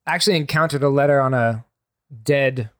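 Male player, smooth voice, dry close sound, easygoing. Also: mid-range voice, a little fast, a bit bright, no room sound. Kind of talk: tabletop game chat.

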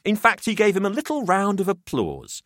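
A man's voice: sits high, wildly swooping pitch, a bit bright, dry recording, clean studio sound. A man reading a macabre story aloud as narrator. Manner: measured storytelling. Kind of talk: audiobook narration.

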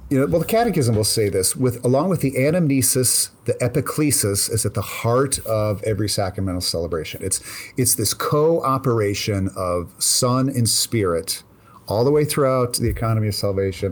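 A man's voice: lowish voice, expressive, normal speed. A man co-hosting a podcast, talking thoughtfully and hesitantly, with many "you know"s. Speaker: podcast co-host. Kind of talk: casual chat.

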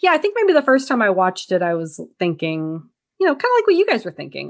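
Young woman gushing about a horror movie, lively swings in pitch, swears a lot, acts out the lines. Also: fast talker. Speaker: podcast co-host. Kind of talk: casual movie review chat.

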